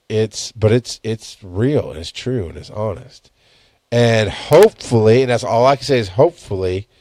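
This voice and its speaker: A man's voice: on the low side, a little mellow, no room sound. Man, 30s, podcast host; profane, candid, rambling monologue into a dry close mic. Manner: blunt and profane, rambling with self-corrections. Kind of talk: casual solo podcast monologue. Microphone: headphones and studio mic.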